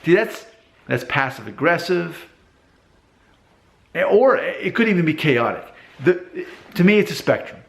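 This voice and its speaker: A man's voice: a little high, big pitch swings, measured pace, long pauses, a bit bright. A man in his thirties giving casual advice straight to camera, talking it through in a conversational way from his father's car repair shop. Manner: conversational, acts out quoted people in exaggerated voices. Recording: echoey workshop.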